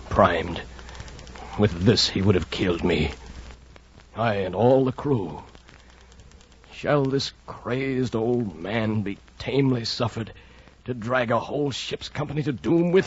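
A man's voice: on the low side, slow pace, husky, heavily acted. An actor playing a tormented first mate torn over what to do about his captain, in a radio drama. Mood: anguished. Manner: brooding, anguished inner struggle. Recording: dull lo-fi radio recording with faint noise.

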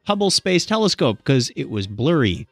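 A man's voice: medium pitch, sing-song, normal speed, no echo, soft background music. A man hosting a podcast in casual banter, chatty and jokey, with plenty of asides. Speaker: podcast host.

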